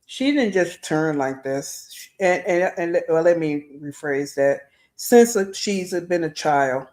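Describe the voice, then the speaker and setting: A woman's voice: sits low, animated, unhurried, darkish tone. A woman hosting reaction commentary, blunt and critical, talking straight to her viewers. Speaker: commentary host.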